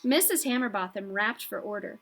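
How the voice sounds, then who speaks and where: A woman reading a children's storybook aloud in a calm, even storytelling manner. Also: medium pitch, fairly quick. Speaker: audiobook reader.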